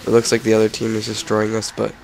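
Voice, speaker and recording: A sick teenage boy giving loose gameplay commentary, his voice gravelly and cracking. He rambles and then breaks into shouted frustration, with a faint hiss under the recording. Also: fairly low pitch, completely flat delivery, fast. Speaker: gamer.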